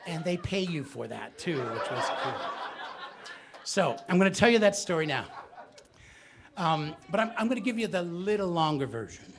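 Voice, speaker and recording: Animated man telling stories live. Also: fairly high pitch, normal speed, crowd noise. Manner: animated, theatrical, engages the audience. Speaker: storyteller. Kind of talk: live storytelling performance. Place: bookstore, live audience.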